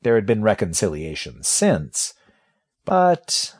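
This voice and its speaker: A man narrates a fantasy audiobook in a lowish, husky voice. His pitch moves a lot, giving the reading an animated, storytelling lilt. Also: takes it slowly. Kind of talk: scripted narration.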